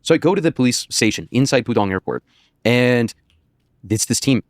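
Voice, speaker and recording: A man's voice: mid-range voice, expressive, moderate pace, dry recording, clean studio sound. An American man, a podcast guest, telling a rambling anecdote with laughter and swearing. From United States. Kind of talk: casual storytelling on a podcast.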